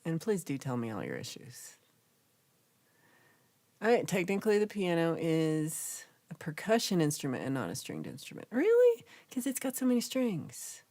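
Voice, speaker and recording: A young woman chats through her livestream, reading out viewer comments and reacting as she goes. Her voice sits low, yet her pitch swings widely and animatedly. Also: moderate pace. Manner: chatty, reacts with gasps and laughs, animated. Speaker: livestream host reading chat. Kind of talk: casual livestream chat.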